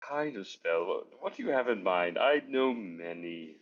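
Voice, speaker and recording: A man's voice: deep voice, expressive, moderate pace, highs cut off. Alden the Amazing, a man's pompous wizard. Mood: grand, boastful. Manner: pompous, self-important. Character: pompous male wizard, boastful and grand.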